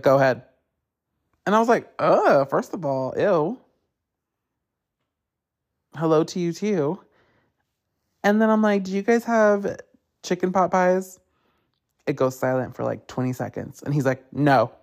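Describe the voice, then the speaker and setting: Gravelly-voiced man ranting casually. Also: a little high. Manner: animated, profane storytelling; acts out others in quotes. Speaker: podcast host. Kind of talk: casual solo rant.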